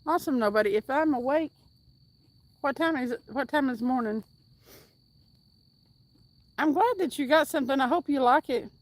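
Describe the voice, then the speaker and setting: Woman, high-pitched, upbeat livestream host, chats and reads comments while fishing outdoors. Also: moderate pace, long pauses, no room sound. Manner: upbeat and chatty, whoops now and then. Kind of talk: casual livestream chat, reading viewer comments aloud.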